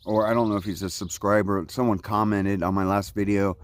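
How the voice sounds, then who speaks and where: Out on a hiking trail, a Central Florida man in his forties vlogs his thru-hike in a low-ish, flat voice at a fairly quick pace. He talks like a relaxed surfer, dropping "like, you know, man" all the time.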